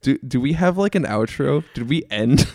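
A young man chatting casually as a podcast guest, relaxed and laughing, a bit self-deprecating. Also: medium pitch, moderate pace, no echo, clean studio sound. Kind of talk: casual chat.

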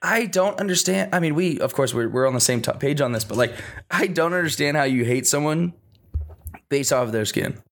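A man's voice: on the high side, expressive, brisk, creaky, fairly bright tone. A young man on a podcast, rambling through stories in casual chat, swearing a lot and leaning on fillers. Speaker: podcast co-host.

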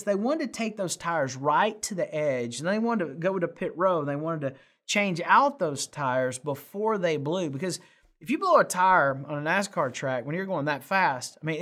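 A man's voice: on the high side, a bit bright. A man preaching a sermon, conversational and folksy, with fillers and rising emphasis. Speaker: pastor.

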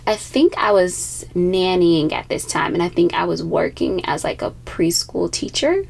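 A young adult woman hosting a podcast, telling a faith testimony in a fast, animated, casual way with frequent laughs. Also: on the low side, vocal fry. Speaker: podcast host.

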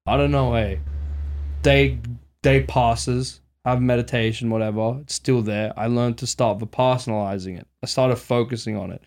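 A man's voice: medium pitch, steady tone, moderate pace, a little mellow. A young man telling his mates a story in casual chat, swearing a lot and acting out his own panicked thoughts. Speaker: podcast host.

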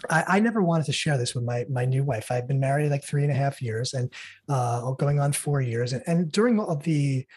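A middle-aged man speaking earnestly and haltingly as a guest in an interview. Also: mid-range voice, darkish tone, slightly rough. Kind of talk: emotional interview talk.

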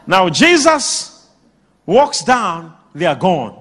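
A man preaching a sermon to a congregation, drawing replies from the crowd and breaking into shouts and laughter. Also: sits high, slow, breathy edge. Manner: animated, bursts into shouts and laughter. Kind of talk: sermon with call-and-response.

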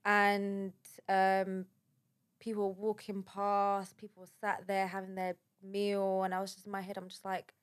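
A woman's voice: medium pitch, monotone. Woman recounting an ordeal. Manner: shaken, halting storytelling with many fillers. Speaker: guest telling a personal story. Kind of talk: casual spoken account.

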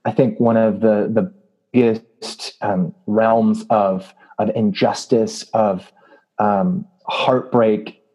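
A man's voice: on the low side, steady tone, slow, dark tone, low-quality recording. A man telling a story in a casual interview, earnest and full of fillers. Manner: earnest, with many fillers and laughs. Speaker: anti-trafficking activist and preacher.

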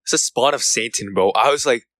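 Young male co-host, dry close mic, animated slangy storyteller. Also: mid-range voice, brisk, no room sound. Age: young adult. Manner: animated, slangy, says "bro" and "right?" often. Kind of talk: casual storytelling chat.

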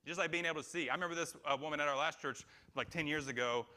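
A man's voice: on the high side, rapid-fire, pushed and bright. A man preaching a sermon in a small church room, talking conversationally and putting questions to the people in front of him. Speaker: pastor.

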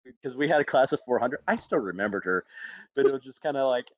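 A man's voice: mid-range voice, lively intonation, quick pace, no room sound. A man from Alabama, an actor, telling personal stories in a casual interview. He laughs often and acts out other people's voices.

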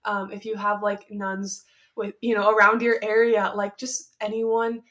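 A woman in a casual faith conversation, speaking softly and rambling with many "um"s and "like"s. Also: medium pitch, little pitch movement, unhurried. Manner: soft-spoken, rambling, many fillers.

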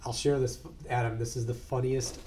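A man telling a story in casual chat, profane and animated, acting out other people's voices. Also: medium pitch, brisk, a little hiss or hum.

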